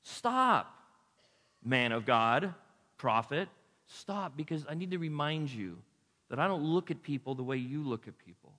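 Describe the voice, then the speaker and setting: A preacher voicing God, firm and gentle. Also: male voice, mid-range voice, expressive, normal speed, lightly acted. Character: God as a calm, firm divine father. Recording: echoey hall.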